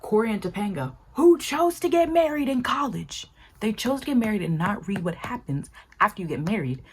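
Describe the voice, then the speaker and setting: This video essay creator is a young woman commenting casually on a sitcom, sounding animated and exasperated. She acts out quotes with big leaps in pitch, speaking briskly with a breathy edge.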